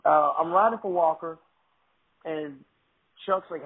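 A man telling excited stories in a casual chat, often restarting his sentences. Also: a little high, fairly quick, a little hiss or hum. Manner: excited, animated storytelling with restarts. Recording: thin phone-like line.

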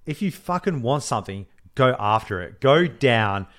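A man, co-hosting a podcast and telling a story in casual chat, animated, swearing freely and acting out the voices he quotes. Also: mid-range voice, normal speed. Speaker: podcast co-host.

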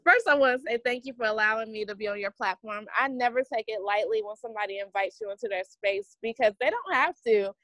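A woman's voice: fairly high pitch, expressive, fast, hardly any pauses, sharp tone, no echo, low-quality recording. A woman in her forties with a Southern US accent, a podcast guest talking in an upbeat, motivational way. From American South. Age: 40s. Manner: upbeat, motivational, says "honey". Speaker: podcast guest, business coach. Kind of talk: conversational interview.

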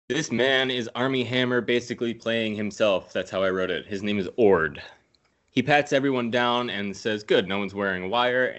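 A man's voice: fairly low pitch, a bit bright. A man casually recapping a movie scene by scene, swearing freely and laughing at his own jokes. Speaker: podcast host recapping a film.

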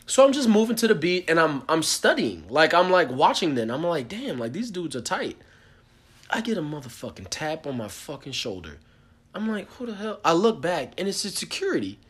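A young man casually telling a story on a podcast, animated and profane, acting out the people he quotes. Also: a little high, fairly quick, husky. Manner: animated, swears a lot, acts out quotes. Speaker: podcast co-host.

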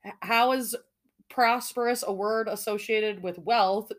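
A woman's voice: medium pitch, steady tone, a little slow. Giggly woman hosting a casual podcast. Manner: giggly, swears casually, jokey asides. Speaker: podcast host. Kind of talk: casual chat reading a mystery.

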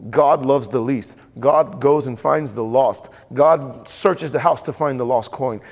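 Male pastor, mid pitch, animated preacher voicing characters, long hall reverb. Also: a little slow. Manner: animated preaching, acting out voices in stories. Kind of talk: sermon.

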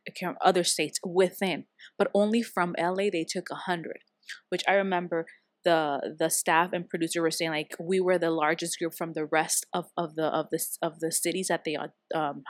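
A woman guest in a casual conversation, telling stories and acting out the dialogue lively. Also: on the low side, no room sound, clean studio sound. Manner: lively, acts out quoted dialogue in her stories.

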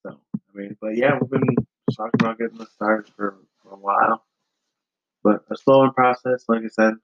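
A man's voice: on the low side, fairly even intonation, normal speed, dull audio, noisy background. A man co-hosting a podcast in casual chat, laid-back and rambling with many fillers. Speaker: podcast co-host.

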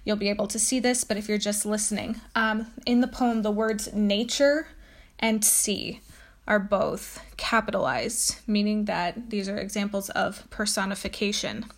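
A woman's voice: mid-range voice, moderate pace. A woman giving an informal lecture on a poet and reading a poem aloud, with frequent ums and uhs. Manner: casual, many ums and uhs. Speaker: teacher presenting a poet.

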